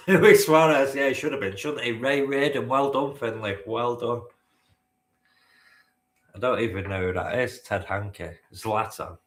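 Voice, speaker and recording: A man's voice: mid-range voice, unhurried, echoey room. A man hosting a live-stream quiz, bantering with the chat and swearing now and then. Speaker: quizmaster.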